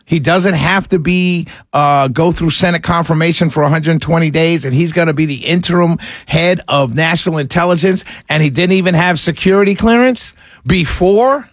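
A high-pitched man hosting live talk radio, excitable and frustrated, swinging between heated rants and calming himself down. His voice sits close and dry on the mic, with no room sound around it. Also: no room sound. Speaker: radio talk show host.

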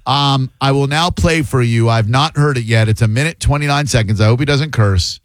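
A man's voice: medium pitch, a little fast, no room sound. A man hosting a talk radio show, chatting casually and making sarcastic jokes. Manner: joking, sarcastic asides. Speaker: radio host.

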